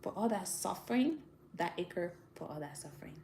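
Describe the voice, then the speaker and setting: A woman talking casually to viewers, giving direct, animated advice and laughing often. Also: on the low side, moderate pace, a little hiss or hum. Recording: roomy echo, faint ambience.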